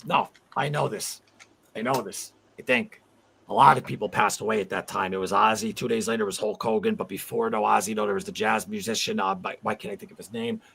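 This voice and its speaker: Gravelly husky man hosting a livestream. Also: mid-range voice, a bit bright. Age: 40s. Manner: rambling, heartfelt, reads viewer comments aloud. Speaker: livestream host. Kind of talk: casual livestream chat.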